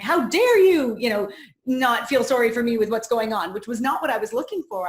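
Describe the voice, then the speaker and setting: A woman coach leading a personal growth course, sharing her own story in an earnest, reflective teaching talk. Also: a little high. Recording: roomy echo.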